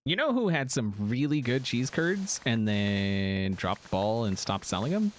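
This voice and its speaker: A man's voice: mid-range voice, measured pace, a little hiss or hum. A man streaming casually while gaming, rambling and interrupting himself as he chats. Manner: rambling, animated, self-interrupting.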